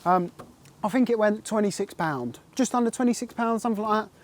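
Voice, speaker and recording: A man, telling an excitable and rambling fishing story in a casual interview, full of "like" and "mate". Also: high voice, a little fast. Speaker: carp angler recounting a catch.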